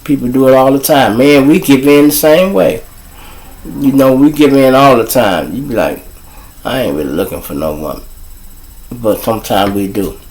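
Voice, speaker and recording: A man's voice: medium pitch, normal speed, a little mellow, low-quality recording. Chicago guy hosting a live stream, speaks bluntly, swears a lot, talks right to his viewers. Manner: blunt, profane storytelling addressing viewers. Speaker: livestream show host. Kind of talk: casual live monologue.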